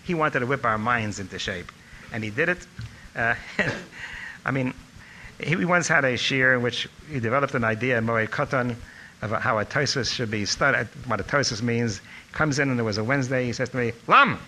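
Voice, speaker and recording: An older man telling animated stories about a teacher from his student days. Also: mid-range voice, moderate pace, a little hiss or hum, rough recording. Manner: animated storytelling, acting out quotes. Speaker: speaker recalling a teacher. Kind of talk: anecdotal reminiscence.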